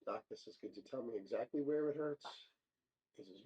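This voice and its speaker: Male joke-show host, mellow voice, muffled lo-fi recording, quick voice changes for characters. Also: medium pitch. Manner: plain joke-telling with small stumbles, brief voice changes for characters. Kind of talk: reading listener jokes. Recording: dull lo-fi sound.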